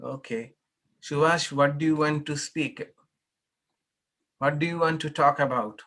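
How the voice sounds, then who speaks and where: Monk guy teaching scripture class, slow n patient, bright tone. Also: a little high, steady tone. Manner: patient, explanatory, invites corrections. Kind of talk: unhurried scripture class talk with Q&A.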